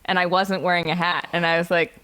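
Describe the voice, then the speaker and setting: Woman podcast co-host, young adult, lively anecdote-teller full of fillers. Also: fairly low pitch, fast, smooth. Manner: animated, laughing storyteller with many fillers. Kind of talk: casual storytelling chat.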